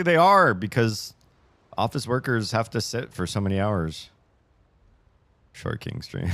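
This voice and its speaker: Deep-voiced streamer, animated and complaining. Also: male voice, no room sound. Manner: animated, complaining, swings high when upset. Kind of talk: casual live-stream chat. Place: home office.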